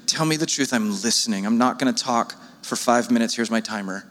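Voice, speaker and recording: A man preaching a sermon as pastor, earnest and pleading, his voice jumping up in pitch when he presses a point. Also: fairly quick, a bit bright, long reverb tail.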